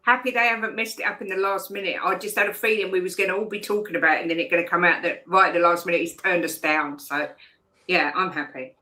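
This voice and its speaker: A man's voice: high-pitched, fairly even intonation, fast, pushed and bright, low-quality recording. A man on a football fan panel, jokey and easygoing. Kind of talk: casual fan show chat.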